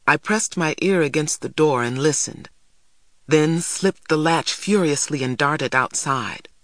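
An audiobook reader narrating a novel in a steady, suspenseful storytelling manner, close to the mic. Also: mid-range voice, measured pace, dry recording.

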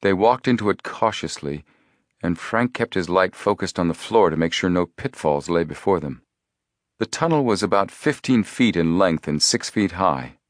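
A man narrating an adventure story as an audiobook reader, in a measured, steady way. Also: deep voice, no room sound, studio quality. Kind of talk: scripted narration.

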